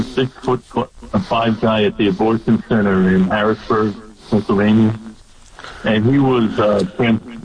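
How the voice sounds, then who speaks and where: A male host tells an anecdote in a plain, steady conversational voice. His pitch sits in the middle range. The recording sounds dull and lo-fi. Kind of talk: casual storytelling.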